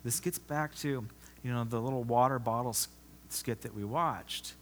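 A man preaching a sermon as pastor, emphatic, often repeating himself and swinging from loud to soft. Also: medium pitch, normal speed, a little hiss or hum. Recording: long reverb of a large hall.

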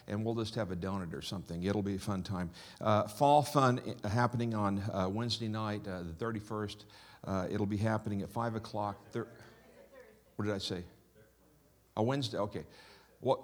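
Low voiced guy rambling thru church announcements, lots of uhs. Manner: rambling, halting, many fillers. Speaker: pastor giving church announcements. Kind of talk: casual church announcements and prayer.

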